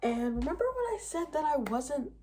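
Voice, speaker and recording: A woman chatting casually on her vlog about a romance book, animated and talkative, full of fillers and exasperated asides. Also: high-pitched, normal speed, a little hiss or hum. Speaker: book vlogger. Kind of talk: casual book review chat.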